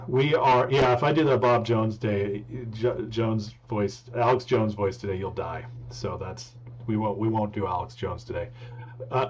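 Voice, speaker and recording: Rambling, joking male live-stream host. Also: medium pitch. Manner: joking, rambling, trying to speak softly. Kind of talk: casual live-stream talk. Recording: dull lo-fi with faint hum.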